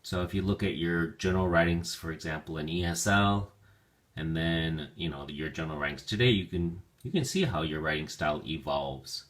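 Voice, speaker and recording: A man teaching English vocabulary to learners, repeating each word slowly and carefully with clear enunciation and occasional ums. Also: low-pitched, a bit bright. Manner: slow, careful enunciation of words. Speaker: ESL teacher. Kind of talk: vocabulary lesson narration.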